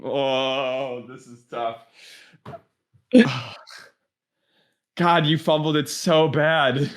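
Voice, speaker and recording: A man's voice: mid-range voice, fairly even intonation, extremely slow. A man hosting a casual panel talk show, moderating in a playful, theatrical way.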